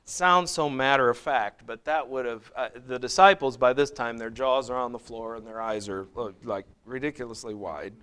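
A man's voice: medium pitch, normal speed, hardly any pauses, clean tone. Middle-aged male Bible teacher, casual and conversational, with emphatic scripture readings. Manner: relaxed and conversational, with frequent restarts and asides; reads scripture aloud in a rising, emphatic voice.

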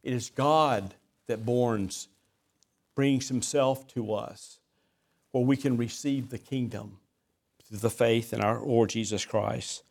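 A man preaching from the pulpit, moving between a relaxed, folksy storytelling tone and emphatic, deliberate scripture reading. His pitch sits in an ordinary middle range, and he adds a gentle self-deprecating humor. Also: gravelly. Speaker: pastor. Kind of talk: sermon.

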